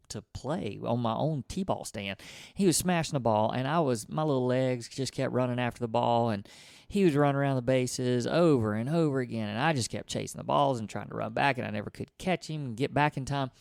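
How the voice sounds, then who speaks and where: A man spins a story in relaxed podcast conversation. His voice is smooth and full, at an everyday middle pitch. The recording is dry and close, and he acts out his own thoughts as he talks. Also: fairly quick, no echo. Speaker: podcast co-host.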